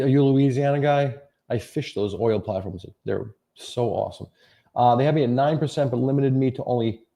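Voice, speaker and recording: A man's voice: medium pitch, creaky, mellow. A middle-aged man, a lawyer reading viewer questions aloud and answering them in a casual, offhand live-stream chat with jokey asides.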